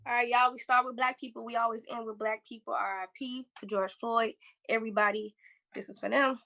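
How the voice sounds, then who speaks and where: A woman performing spoken word poetry in a slow, deliberate, solemn way. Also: a little high, fairly even intonation, creaky, bright, forceful tone. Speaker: competing poet.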